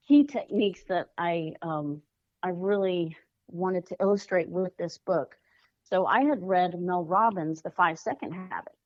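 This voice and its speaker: A woman guest on a podcast, a children's author and life coach, telling stories in lively, casual chat and acting out the quotes. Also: mid-range voice, no room sound, lo-fi sound. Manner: animated storyteller, acts out quotes.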